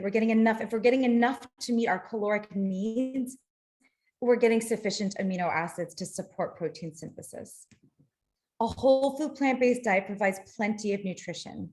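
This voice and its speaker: A woman's voice: mid-range voice, darkish tone. Middle-aged woman, webinar lecturer, practical, explanatory, computer mic. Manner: explanatory, practical, apologetic when slides fail. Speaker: nutrition lecturer. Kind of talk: webinar presentation.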